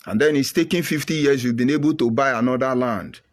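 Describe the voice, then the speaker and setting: A man's voice: medium pitch, fairly quick. A middle-aged Nigerian man speaking with an emphatic, preachy drive. He hammers his points home and often repeats them. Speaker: commentator. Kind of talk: impassioned monologue.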